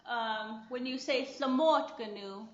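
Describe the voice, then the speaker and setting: A woman's voice: a little high, takes it slowly, a little hiss or hum. A woman assisting in a language class, leading the students through call-and-response drills and laughing easily. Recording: echoey, dull broadcast from a room. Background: class repeating words.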